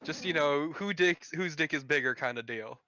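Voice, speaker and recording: A man's voice: a little high, moderate pace, pushed and bright, no room sound. A man playing his character in a tabletop game, joking crudely and laughing easily. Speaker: player. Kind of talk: casual in-character tabletop chat.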